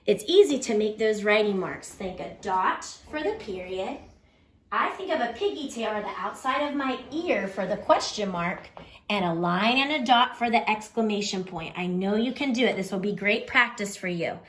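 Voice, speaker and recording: A woman teacher giving a children's lesson, cheerful and encouraging, with slow sing-song rhymes to help children remember. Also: mid-range voice, lively intonation, reverberant.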